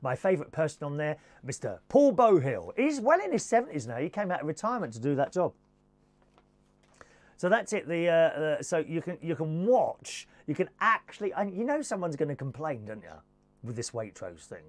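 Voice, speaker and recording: A man's voice: a little high, very animated, normal speed. A man giving a camp, theatrical comic monologue, slipping into posh and working-class voices. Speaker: comedy presenter.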